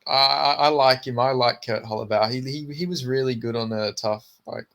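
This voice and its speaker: Brief: relaxed male co-host, mid-pitched, stumbles and restarts, swears casually. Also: moderate pace. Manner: stammering restarts, sweary, laid-back. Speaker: podcast co-host. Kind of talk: casual chat about fights.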